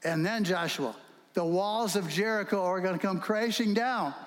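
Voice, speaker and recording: Brief: God as a plain-spoken male boss handing out a plan, as a high-voiced preacher puts him on, long hall reverb. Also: moderate pace, close to an everyday voice. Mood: instructing. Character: calm commanding God giving orders, male.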